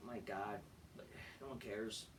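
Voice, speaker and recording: A man's voice: on the low side, very slow, recorded from a distance, background noise. A man reviewing a wrestling show in a blunt, profane rant with frequent restarts, recorded away from the mic. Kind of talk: ranting commentary.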